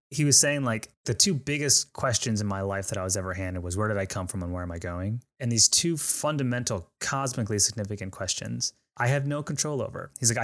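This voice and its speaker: Chill podcast host guy, lowish voice, laughs a lot. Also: fairly quick, few pauses. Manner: relaxed, laughs easily, loose phrasing. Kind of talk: casual interview chat.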